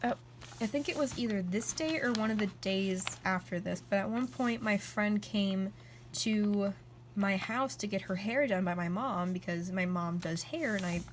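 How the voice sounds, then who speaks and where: A young woman vlogger chatting casually as she flips through her journal, rambling and excitable, with "like" in almost every sentence. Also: medium pitch, normal speed, a little hiss or hum. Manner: rambling and excitable, heavy use of "like".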